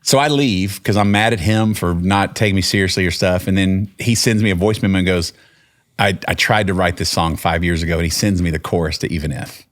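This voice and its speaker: A low-pitched man with a Texan accent tells a story in relaxed podcast chat. He wanders, restarts sentences and slips into quoting people as he goes. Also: brisk. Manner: rambling, with many restarts and quoted dialogue. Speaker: podcast guest, singer-songwriter. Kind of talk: casual storytelling.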